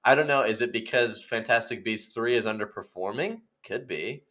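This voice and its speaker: A man's voice: fairly low pitch, normal speed, fairly bright tone. A young man co-hosting a casual comedy podcast, telling stories and acting out scenes with put-on voices. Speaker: podcast co-host.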